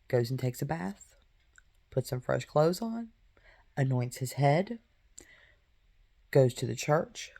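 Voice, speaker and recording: A woman's voice: a bass voice, creaky, mellow. A woman in her thirties, hosting a faith podcast and retelling a Bible story in casual talk, with many fillers and asides. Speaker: podcast host.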